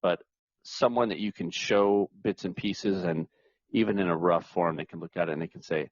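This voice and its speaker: A man guest talking in a relaxed, conversational way. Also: deep voice, normal speed, no room sound, highs cut off. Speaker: podcast guest. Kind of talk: casual interview chat.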